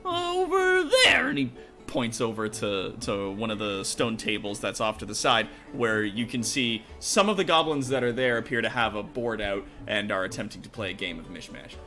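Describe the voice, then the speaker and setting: A man's voice: on the low side, normal speed, few pauses, sharp tone, soft background music. A man narrating a tabletop game as game master, laughing often and hesitating with fillers.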